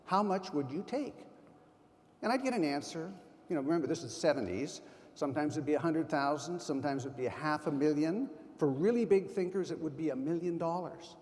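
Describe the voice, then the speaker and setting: A man's voice: on the high side, lively intonation, fast talker, a little mellow. Older man giving an emphatic conference talk. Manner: emphatic, anecdotal storyteller. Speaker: keynote speaker at a sales conference. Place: large conference hall. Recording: long hall reverb.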